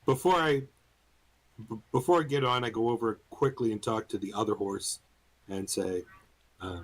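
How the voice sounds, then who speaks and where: A man's voice: fairly low pitch, normal speed, pauses often, poor audio. A man playing in a tabletop game, speaking hesitantly and politely with many fillers. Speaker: player. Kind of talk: tabletop role-play.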